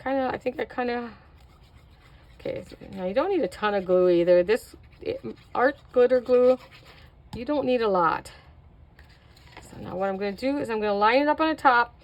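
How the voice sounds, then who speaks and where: Middle-aged woman, fairly high voice, casual craft tutorial host, chatty and self-mocking. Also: normal speed, pauses often. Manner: chatty, self-mocking, talks to viewers while working.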